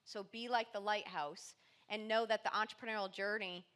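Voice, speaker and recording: Woman mindset coach, podcast guest; bright, forceful voice, emphatic and motivational. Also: mid-range voice, fairly even intonation, moderate pace, smooth. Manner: emphatic, motivational, punchy delivery. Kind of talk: podcast interview.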